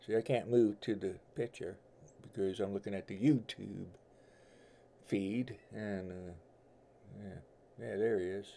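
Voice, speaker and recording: Dark and lowish, this middle-aged man's voice moves slowly with fairly even intonation, vocal fry, and long pauses, over a faint hiss or hum. He's a tarot reader chatting casually and folksily with viewers on a livestream from home. His accent mixes New York and Southern US.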